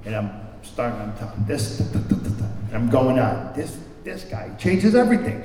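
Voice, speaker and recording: A man's voice: medium pitch, big pitch swings, fairly quick, mellow, faint music behind. A man speaking candidly and self-deprecatingly at a recovery meeting, telling a personal story and often repeating words as he searches for them. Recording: echoey hall recorded from far off.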